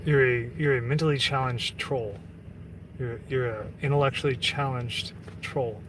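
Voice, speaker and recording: A man reads his chat on a livestream, ranting casually in a rambling, profane way full of fillers and restarts. His medium-pitched voice has fairly even intonation and a normal speed. He sounds distant from the mic, with background noise.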